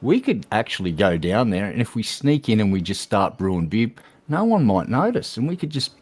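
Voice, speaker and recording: A man's voice: fairly low pitch, very animated, brisk, a little mellow. A man with an Australian accent, a co-host in casual livestream chat, swearing and joking through crude banter.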